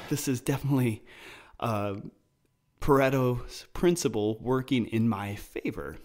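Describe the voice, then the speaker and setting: A man's voice: mid-range voice, expressive, unhurried, a little mellow. A man hosting his own podcast, talking casually and explaining ideas through personal stories. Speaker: podcast host. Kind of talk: casual solo podcast talk.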